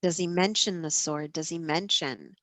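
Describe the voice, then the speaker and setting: A woman's voice: low-pitched, moderate pace, fairly bright tone, dry recording. A woman hypnotherapist guiding a past-life regression session with short prompts.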